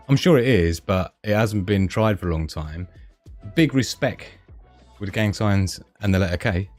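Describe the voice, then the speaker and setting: A man's voice: low-pitched, darkish tone. A man hosting a casual livestream, chatting in a rambling way and reading out viewer comments. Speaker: livestream host.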